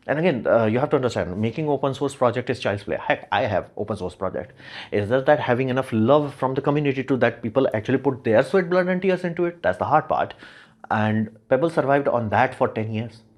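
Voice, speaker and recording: A man hosting a tech show, talking casually about gadgets with a chatty, wry manner and lots of fillers. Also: medium pitch.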